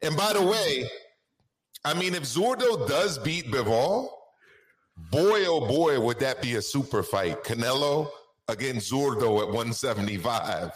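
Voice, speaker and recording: A man's voice: mid-range voice, lively intonation, measured pace, roomy sound. A man co-hosting a casual boxing talk show, stretching names out in a sing-song way for emphasis.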